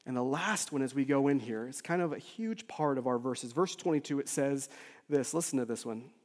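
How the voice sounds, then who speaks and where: A man, a lead pastor, preaching a sermon with emotional swings from loud urgency to soft near-whispers. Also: mid-range voice, lively intonation, a little fast. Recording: long hall reverb.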